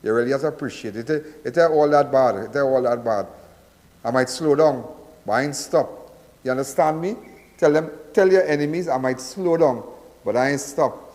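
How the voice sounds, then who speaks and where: A Trinidadian man hosts a live call-in show, rambling and repeating himself as he preaches to listeners. His voice sits at an ordinary male pitch. A long hall reverb trails behind every phrase. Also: moderate pace, a little mellow. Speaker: call-in crime show host. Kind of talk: live call-in radio talk.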